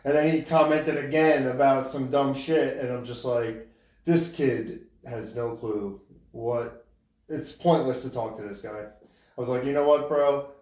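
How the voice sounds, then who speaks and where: A man talks on a casual podcast, unhurried and loose as he tells stories, swearing freely. His voice sits at a middling pitch. The room around him is echoey. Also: a little mellow. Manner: laid-back storytelling, swears freely. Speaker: podcast co-host.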